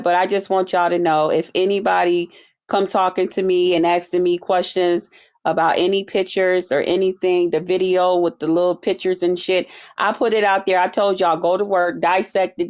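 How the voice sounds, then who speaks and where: Blunt, exasperated woman ranting on a livestream. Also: lowish voice. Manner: blunt, exasperated, swears constantly, repeats herself. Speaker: livestream host. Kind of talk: profane livestream rant.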